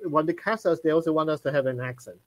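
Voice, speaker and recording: Halting male live-stream host, dry sound. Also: on the high side, no echo, rough recording. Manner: halting, many fillers and restarts.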